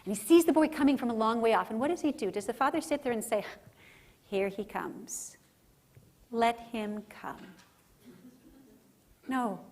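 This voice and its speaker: A woman's voice: on the high side, lively intonation, rapid-fire, hardly any pauses, darkish tone. A woman speaker giving an emphatic religious teaching talk at a conference, often checking in with the audience. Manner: emphatic, often tags lines with "right?". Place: conference center.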